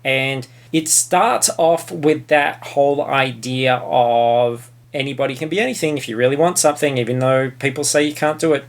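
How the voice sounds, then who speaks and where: Blunt, gravelly Australian man. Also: medium pitch, moderate pace, few pauses. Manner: opinionated, blunt, swears freely. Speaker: podcast co-host. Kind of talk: casual film review chat.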